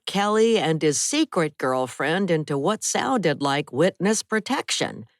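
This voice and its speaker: A woman narrating a first-person thriller audiobook with a tense, measured reading. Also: deep voice, no room sound, clean studio sound.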